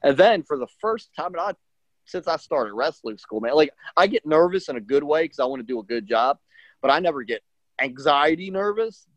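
This middle-aged professional wrestler speaks a little fast in a voice on the high side, telling a story in a laid-back interview while animatedly acting out quotes and using lots of fillers. There's no room sound; the audio is dull, lo-fi, and dry.

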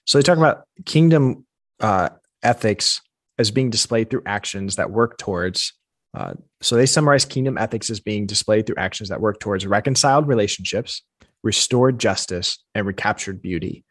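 A man's voice: on the low side, normal speed, no room sound, clean studio sound. A man co-hosting a casual faith podcast, talking through ideas in an earnest, reflective way. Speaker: podcast co-host.

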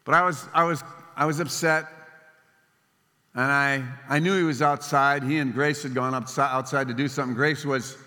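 An older man preaching in a large hall, his voice bright and forceful. He tells stories, rising to emphatic lines and then dropping to a hush. A long reverb trails after each phrase. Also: mid-range voice, steady tone, moderate pace. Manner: storytelling, swings between emphatic and hushed. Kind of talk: sermon.

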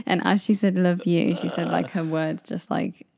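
Taking her time, a young woman from England talks in a low-ish, husky, slightly mellow voice with vocal fry. As a podcast co-host she chats casually, telling stories and acting out quotes in raised voices. The sound is clean studio audio without echo.

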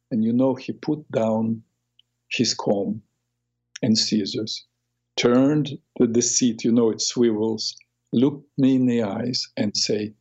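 A middle-aged man hosting a talk show on the mind, telling a reflective story in a halting way with many restarts. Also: medium pitch, darkish tone. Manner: halting, with frequent restarts and self-corrections. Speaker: radio host, therapist. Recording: dull lo-fi radio audio.

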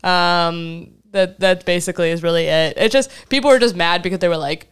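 A woman's voice: fairly low pitch, brisk, clean tone. A young woman co-hosting a casual podcast, talking in a heated, emphatic way and laughing often. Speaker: podcast co-host.

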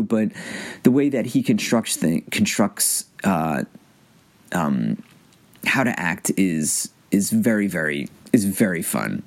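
A man talking casually to the camera about an acting method, pausing and restarting often. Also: low voice, a little mellow. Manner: halting, many restarts and fillers. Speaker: amateur actor reviewing an acting book.

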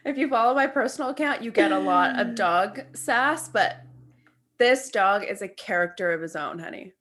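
A woman's voice: on the high side, normal speed. A young adult woman co-hosting a podcast, telling stories with lots of laughter and casual swearing. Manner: animated storyteller, laughs often, swears freely. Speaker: podcast co-host. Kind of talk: casual chat.

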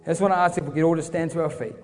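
A man's voice: fairly high pitch, fairly even intonation, very fast. A man preaching a sermon in a fervent, casual storytelling manner. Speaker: pastor. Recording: reverberant hall with soft music.

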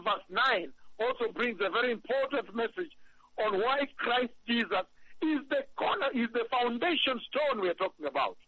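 A man preaching a sermon, emphatic and repetitive, reading scripture slowly. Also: extremely high pitch, pushed and bright, muffled recording, a little hiss or hum. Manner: emphatic, repeats phrases, reads scripture slowly.

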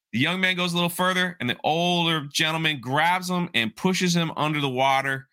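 A man hosting a podcast, retelling a story in a lively, animated way. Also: fairly high pitch, fairly quick, hardly any pauses, smooth. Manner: animated storyteller, acts out quoted voices. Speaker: podcast host. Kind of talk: casual podcast chat.

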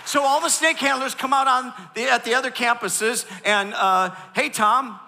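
Joking pastor with a bright voice in a big hall. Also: male voice, very high voice, steady tone, normal speed, creaky. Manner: joking, calls for audience responses. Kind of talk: sermon. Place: large church auditorium.

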